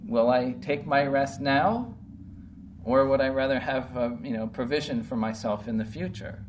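A man's voice: mid-range voice, moderate pace, a little hiss or hum. Guy doing a laid-back bible study, medium voice, keeps asking right? okay?. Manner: conversational, checks in with "okay?" and "right?". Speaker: Bible teacher. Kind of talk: casual verse-by-verse Bible teaching.

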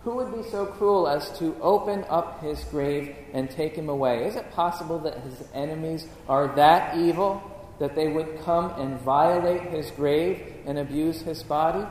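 A male pastor delivers a dramatic sermon with a fairly high voice, full of rhetorical questions. The sound is echoey, with a long reverb and faint room noise behind him. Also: darkish tone.

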